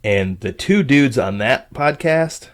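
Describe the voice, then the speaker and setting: A man's voice: medium pitch, lively intonation, takes it slowly. A young man from Michigan, co-hosting a casual podcast in a thoughtful, questioning way. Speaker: podcast co-host. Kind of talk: casual chat.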